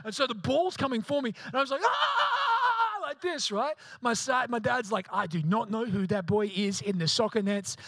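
A man's voice: sits high, a little fast, few pauses, a bit bright, no room sound. A man preaching a sermon, telling a self-mocking comic story and acting out other people's voices. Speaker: pastor.

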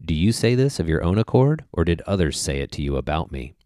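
Man doing a calm solemn prisoner, deep voice, slow and grave, dry close sound. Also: no room sound. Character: calm, solemn male prisoner answering a governor.

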